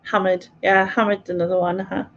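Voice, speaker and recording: A woman's voice: medium pitch, level tone, fairly quick, a bit bright, highs cut off, slight background noise. A woman with a Mackem North East English accent, hosting a live quiz stream and chatting casually as she reads out viewer comments, laughing often. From North East England. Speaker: livestream quiz host.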